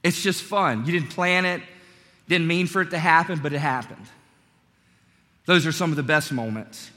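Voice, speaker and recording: Male pastor, sermon delivery, conversational and story-driven; bright tone, long reverb of a sanctuary. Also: fairly high pitch, normal speed, long pauses. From North Carolina. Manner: conversational, storytelling, animated asides.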